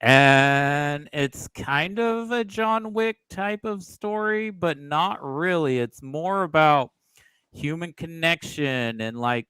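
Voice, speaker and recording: A man's voice: fairly high pitch, slow, sharp tone, clear, resonant tone, dry recording. A man guesting on a casual film podcast, chatty and opinionated as he weighs in.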